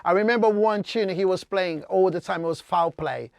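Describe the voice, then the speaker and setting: A man from Brazil, whose first language is Portuguese, telling stories in a casual podcast chat and acting out what people said with big jumps in pitch. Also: moderate pace, vocal fry, clean tone, no room sound, studio quality. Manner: animated, acts out quotes with big jumps in pitch. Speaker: DJ, podcast guest. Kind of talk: casual storytelling.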